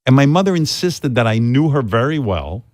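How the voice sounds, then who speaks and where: A man's voice: mid-range voice, big pitch swings, normal speed, a little mellow, no room sound. A man hosting a radio talk show, telling stories in a blunt, profane, exasperated way. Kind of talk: talk radio chat, storytelling.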